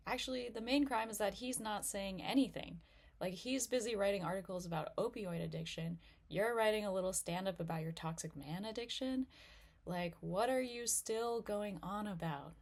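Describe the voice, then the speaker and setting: A woman's voice: medium pitch, normal speed. A young woman doing a self-deprecating stand-up comedy set, chatty and full of fillers. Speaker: stand-up comic.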